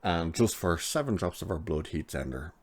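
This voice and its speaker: A man's voice: sits low, lively intonation, moderate pace. A man giving a chatty, sarcastic recap of a TV episode, laughing at his own jokes. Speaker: TV episode reviewer.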